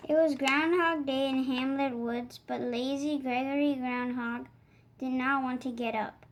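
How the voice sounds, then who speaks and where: Woman reading a kids book aloud, high voice, gentle and expressive. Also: measured pace, background noise. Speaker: storybook reader. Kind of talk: children's read-aloud narration.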